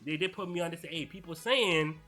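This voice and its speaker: A young man hosting a casual manga reaction vlog, excitable and slangy, swearing and talking straight to his viewers. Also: on the high side, a little fast, faint music behind.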